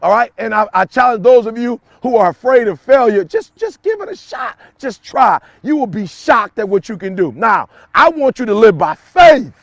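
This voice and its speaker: A man giving an emphatic, repetitive motivational talk straight to the listener, breaking into shouts and folksy asides. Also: very high voice, sing-song, moderate pace, vocal fry, hardly any pauses, dry recording. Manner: folksy, addresses listener directly. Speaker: motivational speaker.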